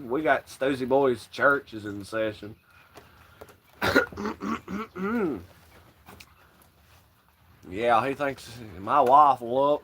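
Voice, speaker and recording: A man's voice: medium pitch, fairly bright tone, slight background noise. A man hosting a casual livestream, rambling and swearing freely and laughing often. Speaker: livestream host.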